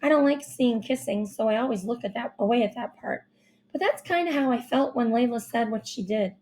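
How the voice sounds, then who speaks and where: A woman reading a first-person children's novel aloud with expressive, youthful storytelling. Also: a little high, brisk. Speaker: audiobook narrator.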